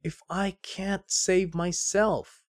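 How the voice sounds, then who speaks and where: A man voicing a sorrowful, weary old man who speaks softly and solemnly, in a read-aloud book passage. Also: high voice, little pitch movement, extremely slow, voice pushed up.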